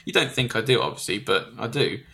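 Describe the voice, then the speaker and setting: A man telling a rambling comic story on a podcast, jumping into loud put-on voices for the people in it. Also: mid-range voice, a little fast, creaky. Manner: animated, shouts and squeals when quoting others.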